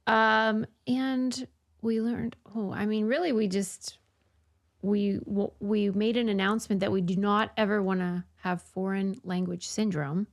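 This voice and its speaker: A woman co-hosting a podcast in casual chat, chatty and quick to laugh. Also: mid-range voice, little pitch movement. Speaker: podcast co-host.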